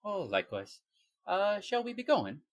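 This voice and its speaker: A man's voice: high-pitched, wildly swooping pitch, dry recording, studio quality. A man voicing a cheerful, courteous male investigator in a tabletop game, trying out a put-on accent. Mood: chipper. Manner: halting attempt at a put-on accent.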